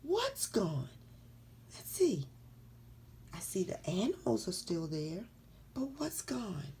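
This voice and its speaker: A woman reading a picture book aloud to children, slowly and encouragingly, asking them questions. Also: lowish voice, sing-song, vocal fry, warm tone, husky. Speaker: storybook reader.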